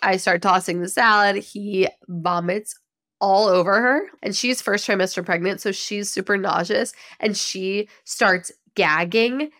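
A woman's voice: medium pitch, measured pace. Chatty woman podcast host. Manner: animated, chatty storytelling with frequent laughter. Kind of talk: casual solo chat.

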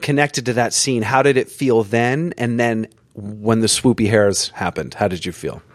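A man hosting a casual podcast interview, telling playful, animated stories with quick asides. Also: mid-range voice, no echo, clean studio sound. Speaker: podcast host.

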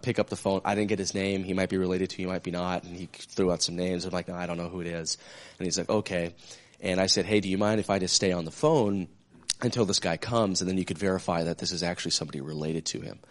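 Deep voiced guy rattling off a story fast, doing the other people's voices. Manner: animated, acts out phone calls. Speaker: church small-group member. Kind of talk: casual storytelling.

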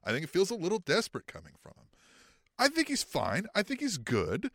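A man's voice: brisk, creaky, dry recording, studio quality. A man co-hosting a casual wrestling podcast, swearing freely and mimicking people in mocking voices. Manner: animated, swears often, acts out quotes in mocking high voices. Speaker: podcast co-host.

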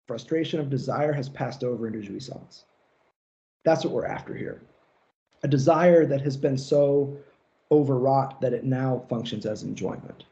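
At normal speed and in a warm, mid-range voice with lo-fi sound, a psychoanalysis lecturer gives an informal seminar. His style is casual and profane, and he drives points home by performing mocking rants.

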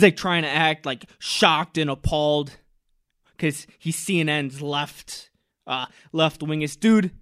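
A man hosting a podcast, ranting angrily with loud mocking sarcasm and jeering mimicry. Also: sits high, no room sound, clean studio sound. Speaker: podcast host. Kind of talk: angry ranting commentary.

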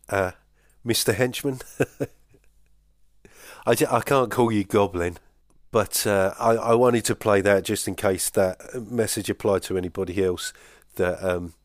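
A man's voice: fairly low pitch, fairly even intonation, measured pace, no echo, studio quality. A man hosting a podcast, chatting casually and hesitantly as he answers listener voice messages, poking fun at himself. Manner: hesitant and self-deprecating, with many fillers. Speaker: podcast host.

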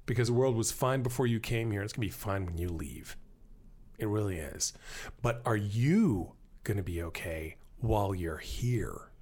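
Low-voiced man in rambling casual chat. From born in Germany to American parents. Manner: animated, rambling, jokey. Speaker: podcast guest. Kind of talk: casual conversation.

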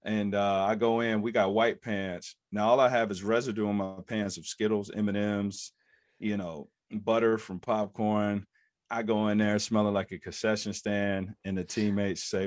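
A podcast guest in his thirties, formerly an NFL running back, talks at normal speed with a fairly low pitch. He tells his story with energy, acting out lines from others in raised voices, and the studio-quality audio has no room sound.

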